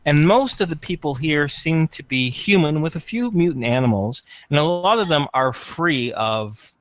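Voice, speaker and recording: A man's voice: a little high, animated, fairly bright tone, a little hiss or hum. A man narrating scenes as game master of a tabletop game, descriptive and full of fillers. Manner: descriptive, filler-heavy, unhurried.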